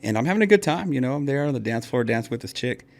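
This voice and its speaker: A man's voice: mid-range voice, rapid-fire, vocal fry. A man in his thirties hosting a podcast, telling crude stories in casual chat and acting out the voices in them. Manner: animated storyteller, acts out voices in anecdotes. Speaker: podcast host.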